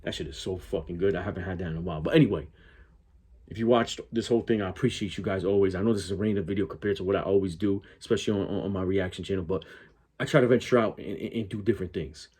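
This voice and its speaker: A man's voice: sits low, racing, a little mellow, breathy edge. A man hosting a reaction channel, rambling casually and swearing freely.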